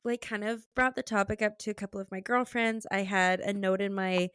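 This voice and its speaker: A woman's voice: medium pitch, steady tone, fairly quick, a bit bright, clear, resonant tone, no echo, clean studio sound. Candid, chatty young woman host. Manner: candid and chatty, frequent "like" fillers, laughs easily. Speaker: podcast host. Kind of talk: casual conversational interview.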